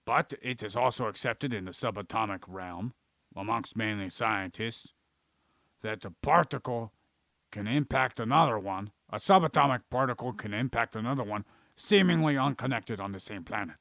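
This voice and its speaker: Creaky-voiced man ranting profanely. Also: lowish voice, normal speed, a bit bright, dry recording. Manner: plays an alien persona in an ordinary voice. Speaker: podcast co-host. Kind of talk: rambling comedic science chat.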